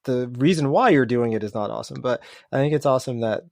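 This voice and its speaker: A man hosting a relaxed podcast interview, his mid-pitched voice with a gravelly edge. He reflects on what the guest said and encourages her. The recording is close and dry. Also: fast talker, no room sound. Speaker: podcast host. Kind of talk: casual interview chat.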